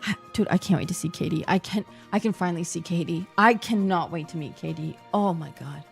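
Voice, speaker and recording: A woman streamer chats casually in slang. Her talk is animated and jumps from topic to topic. Faint music plays underneath. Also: fairly low pitch, brisk, creaky. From New Zealand. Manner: chatty, slangy, animated, jumpy. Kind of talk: casual chat.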